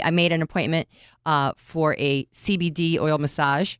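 A woman co-hosting a podcast, chatting casually and backing up her co-host with quick affirmations. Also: deep voice, smooth, no room sound, clean studio sound. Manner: conversational, quick affirming interjections. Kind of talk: casual chat.

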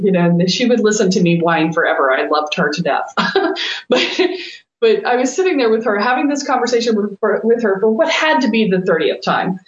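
A middle-aged woman co-hosting a talk, telling a story with lots of animation and laughter and acting out what she once said. Her voice sits in a roomy space, and the recording is a bit dull and lo-fi. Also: medium pitch. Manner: animated, laughing, quotes herself with swearing. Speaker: spiritual coach and podcast co-host. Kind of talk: casual storytelling chat.

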